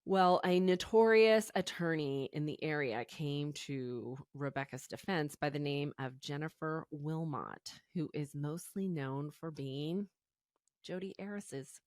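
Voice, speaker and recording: Low-voiced woman retelling a crime casually. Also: measured pace, few pauses, darkish tone, dry recording, studio quality. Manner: chatty, storytelling with fillers like "you know". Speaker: podcast co-host. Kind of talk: casual true-crime chat.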